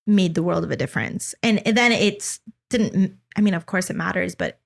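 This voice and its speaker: A young adult woman hosting a podcast in casual chat, animated and laughing often, with many fillers of "like". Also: on the low side, normal speed, creaky. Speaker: podcast host.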